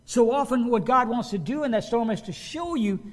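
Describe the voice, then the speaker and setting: A man preaching a sermon as a pastor, in a conversational, animated way, often acting out quotes. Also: very high voice, moderate pace.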